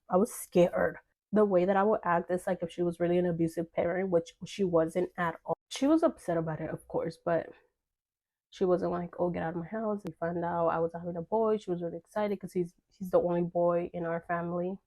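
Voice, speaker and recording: A woman's voice: lowish voice, steady tone, brisk, darkish tone. A young woman telling a personal story in casual vlog chat, full of fillers and quoted dialogue. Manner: chatty, filler-heavy, acts out quoted dialogue.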